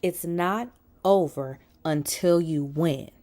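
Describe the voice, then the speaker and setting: A motivational vlogger films herself with a selfie light, giving a casual, heartfelt talk to the camera in a lowish voice at a slow pace. She's earnest, swears, calls viewers "y'all" and "baby," and often drops to a hushed near-whisper.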